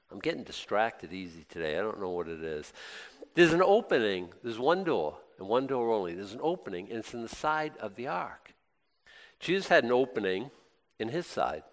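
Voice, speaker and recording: Animated preacher in a reverberant hall. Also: male voice, lowish voice. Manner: conversational preaching with rhetorical questions and sudden excited bursts. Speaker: pastor. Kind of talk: sermon.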